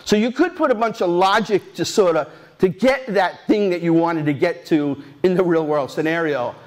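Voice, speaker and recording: A man in his sixties giving a rambling, animated talk at a tech conference, telling stories with many restarts and asides. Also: sits high, moderate pace. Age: 60s. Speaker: conference speaker. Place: conference stage.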